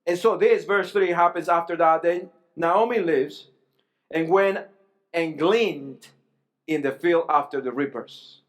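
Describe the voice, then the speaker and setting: High-voiced male pastor preaching. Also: measured pace. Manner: earnest, repeats phrases, asks rhetorical questions. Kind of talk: sermon.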